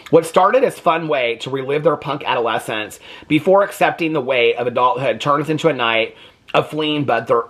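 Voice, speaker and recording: On his book vlog, an American man casually reviews graphic novels in a husky, mid-range voice. He's animated, laughs often, and leans on lots of filler words.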